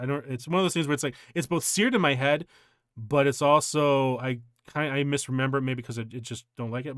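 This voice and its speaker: A man streaming and chatting casually, telling a long personal story in a rambling, halting way with frequent restarts. His voice sits at a middle pitch, and the sound is close and dry, with no room echo. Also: a bit bright.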